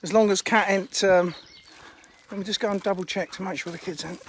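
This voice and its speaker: A chatty man with a fairly high voice addresses his live-stream viewers in a rough-edged, offhand way, swearing now and then. He is outdoors by a lake, speaking into a handheld phone, and a faint noise sits behind him. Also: fairly even intonation, fairly quick. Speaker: fishery owner streaming live. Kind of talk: casual live-stream chat. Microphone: phone held in hand.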